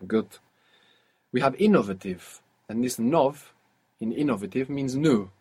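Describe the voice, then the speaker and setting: A man with a husky, slightly rough voice leads an audio language lesson. He explains patiently, one step at a time, and stops often to ask his student questions. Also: mid-range voice, lively intonation, unhurried, dark tone. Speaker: language teacher.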